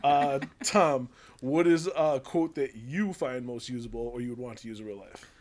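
Man, podcast quiz host, upbeat, laughs easily, mid-pitched voice. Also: normal speed, darkish tone. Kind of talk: casual podcast chat.

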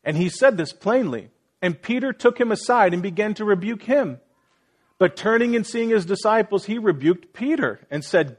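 A male pastor preaches earnestly and searchingly, voicing the people he quotes and turning questions back on the congregation. His voice is a bit higher than most men's, with lively intonation, a moderate pace, and a breathy edge.

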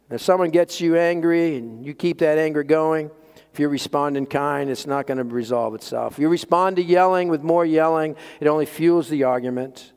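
A man preaching a sermon as pastor, emphatic, swinging between loud peaks and quiet low lines. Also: normal speed, smooth. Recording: long hall reverb.

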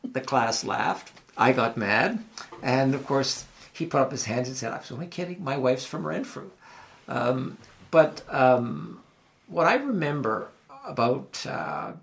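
Older gravelly Ottawa Valley man, rambling host. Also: mid-range voice. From Ottawa Valley, Canada. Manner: rambling, with restarts and asides. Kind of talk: reflective conversational storytelling.

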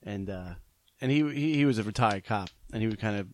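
A man hosting a podcast, easygoing and quick to laugh as he tells stories in casual chat. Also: fairly low pitch, lively intonation, a little mellow, a little hiss or hum. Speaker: podcast host.

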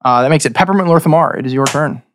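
A man's voice: fairly high pitch, very fast, slight background noise. A man narrating as game master of a tabletop game, chatty and loose, often restarting his sentences.

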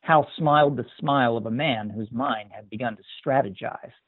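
A man's voice: mid-range voice, moderate pace, no room sound. Man narrating a story on a tinny line. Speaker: story reader. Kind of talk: scripted narration. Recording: tinny dry phone-like sound.

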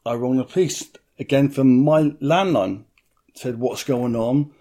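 A man's voice: medium pitch, unhurried, mellow. A middle-aged man, telling a story bluntly in an interview, swearing freely and acting out other people's voices.

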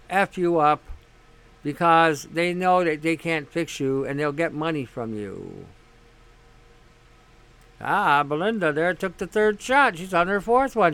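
A man hosts a casual monologue in a high, smooth, clear voice. He talks bluntly, swears freely and leans on sarcasm. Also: a bit bright. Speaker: host.

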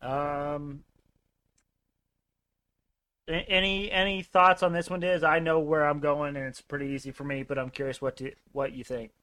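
A man with a slightly higher voice co-hosts a casual sports podcast. He talks in a laid-back way, pausing often on ums and uhs as he works through his picks. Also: level tone, sharp tone. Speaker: podcast co-host. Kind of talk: casual sports betting chat.

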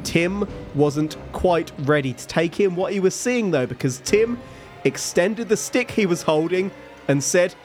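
A man hosting a podcast, slowly telling a story between jokes and frequent laughter. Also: high-pitched, animated, darkish tone, faint music behind. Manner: slow, laughing, jokey storyteller. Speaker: podcast host.

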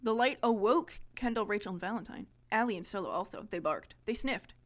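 A woman's voice: medium pitch, expressive, a little fast. A young adult woman co-hosting a podcast, reading a childhood story aloud and breaking off with amused, giggly asides. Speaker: podcast co-host.

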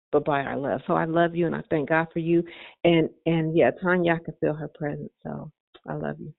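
A woman's voice: deep voice, fairly even intonation, brisk, creaky. A woman caller sharing an earnest testimony on a prayer call, repeating phrases for emphasis. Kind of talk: heartfelt testimony. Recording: phone-line call audio.

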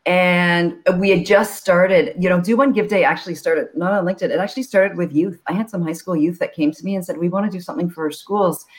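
A nonprofit founder guesting on a live show, telling stories in a chatty, animated way with lots of fillers. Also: mid-range voice, fairly quick, few pauses.

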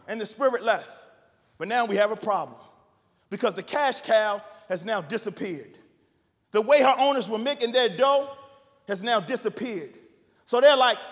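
A pastor in his thirties preaching a sermon, animated, rising to shouts and repeating phrases. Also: extremely high pitch, moderate pace, big-room sound.

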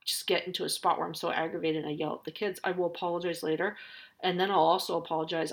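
A woman's voice: fairly low pitch, fairly even intonation, fast. A woman in her thirties talking casually about parenting, with lots of fillers and restarts. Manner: chatty, many fillers and self-corrections. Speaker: parent sharing advice. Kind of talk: casual monologue.

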